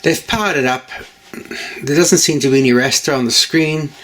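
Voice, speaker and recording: A man's voice: on the high side, moderate pace, fairly bright tone. A man hosting his own channel in a casual chat to camera, rambling and jokey, often correcting himself mid-sentence. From United Kingdom. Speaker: channel host.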